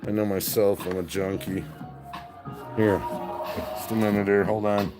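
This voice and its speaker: A man's voice: on the low side, level tone, unhurried, over music. A man in his fifties live-streaming from his home garage on a phone, chatting casually, laughing often and answering his viewers' chat. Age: 50s.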